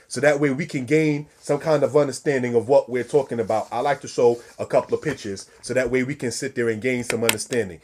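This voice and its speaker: A man's voice: medium pitch, steady tone, quick pace, hardly any pauses, darkish tone. Man teaching a scripture lesson. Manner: preacherly, repeats and stresses key words; addresses listeners as brothers and sisters. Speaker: religious teacher.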